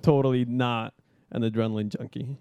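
A man's voice: medium pitch, fairly even intonation, a little fast, vocal fry, darkish tone, clean tone, no room sound. Brief: young adult man, laid-back storyteller, heavy swearing, dry close sound. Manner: laid-back, swears a lot, many fillers, laughs through stories. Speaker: guest skydiver. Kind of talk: casual podcast storytelling.

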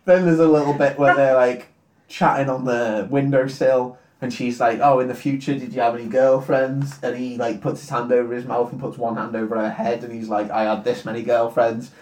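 A man's voice: medium pitch, flat delivery, a little mellow, a little hiss or hum. Guy rambling thru a movie plot, swearing, echoey room, sounds a bit far off mic. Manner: crude, jokey storytelling with quick impressions. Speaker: podcast co-host. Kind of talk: casual comedic film recap.

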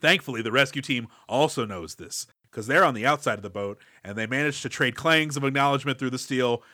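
A man's voice: mid-range voice, quick pace, pushed and bright, no echo, clean studio sound. A man co-hosting a podcast, recapping a movie with wry, playful quips. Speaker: podcast co-host. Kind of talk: casual movie-recap chat.

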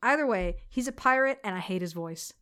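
Smooth-voiced woman recapping a movie casually. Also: mid-range voice, fairly quick. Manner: animated, swears freely, mock voices for quotes. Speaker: podcast co-host.

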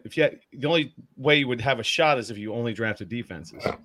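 A man co-hosting a casual podcast, loud and hyped up, throwing in profane exclamations. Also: mid-range voice, fast talker, dry recording, studio quality. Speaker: podcast co-host.

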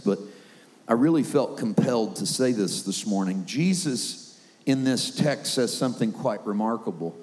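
A man's voice: medium pitch, darkish tone, big-room sound. A middle-aged man preaching a sermon in a conversational way, sometimes acting out the voices he quotes.

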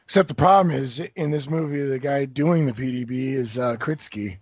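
A man's voice: mid-range voice, moderate pace, slightly rough, dry recording, studio quality. A man co-hosting a podcast, chatting casually with short agreeing replies and joking asides. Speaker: podcast co-host. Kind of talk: casual chat.

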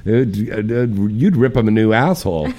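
A man's voice: on the low side, lively intonation, normal speed, dark tone. A man hosting a radio show, joking, teasing and bantering crudely with callers. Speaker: radio host.

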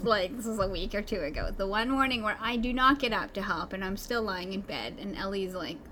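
A woman's voice: animated, fairly quick, slight background noise, poor audio. A woman and mother chatting casually, telling a sarcastic story with mocking quoted lines. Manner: sarcastic, swings between low murmurs and loud mock quotes. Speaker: podcast co-host, mother. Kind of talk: casual chat.

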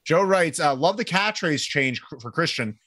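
A man's voice: a little high, animated, normal speed, sharp tone, slightly rough, no echo, studio quality. A man co-hosting a casual show, reading live chat comments and joking around with many fillers. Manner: rambling, joking, lots of fillers. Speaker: podcast co-host.

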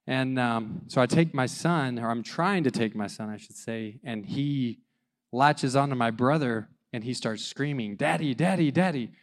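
A man in his thirties telling a personal story about being a father, animated and self-mocking, acting out the dialogue. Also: medium pitch, unhurried.

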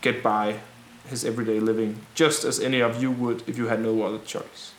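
A man's voice: mid-range voice, level tone, a little fast, reverberant, a little hiss or hum, close to an everyday voice. A man playing an earnest male rebel leader making a speech. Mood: earnest, reassuring. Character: male rebel leader rallying frightened townsfolk.

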